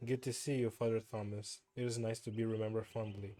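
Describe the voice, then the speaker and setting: A man's voice: fairly low pitch, level tone, fairly quick, warm tone, close to an everyday voice. A man reading aloud the lines of a haughty, worldly baron from a story game.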